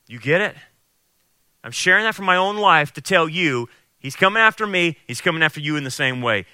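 A man's voice: a little high, expressive, a little fast, pushed and bright, no room sound. A man preaching a sermon as pastor, emphatic and repeating key phrases for stress. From California.

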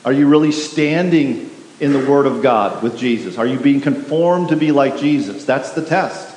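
A man's voice: medium pitch, moderate pace, darkish tone. Man preaching in an echoey hall. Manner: emphatic, repetitive, asks the congregation questions. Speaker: pastor. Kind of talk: sermon. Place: church sanctuary. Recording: echoey hall with faint hiss.

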